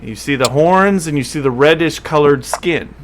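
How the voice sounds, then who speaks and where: A man's voice: fairly high pitch, moderate pace, a little hiss or hum. A man running a tabletop game as game master, narrating descriptively with frequent fillers and self-corrections.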